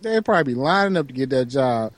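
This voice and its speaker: A man's voice: medium pitch, lively intonation, fast, no room sound. A man co-hosting a casual comedy chat, laughing often and acting out bits. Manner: laughs often, acts out bits in put-on voices. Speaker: podcast co-host.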